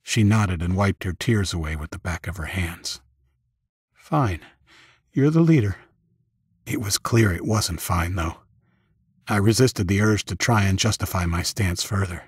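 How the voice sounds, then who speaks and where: A man with a deep, slightly husky voice reads a first-person audiobook in a steady, even way. The sound is dry and close, with no room around it. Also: moderate pace, no room sound. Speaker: audiobook narrator.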